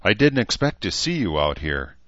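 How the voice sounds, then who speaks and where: A man's voice: deep voice, big pitch swings, normal speed, fairly bright tone, dry recording, muffled recording. A man voicing an earnest, awkward young soldier with an anxious delivery.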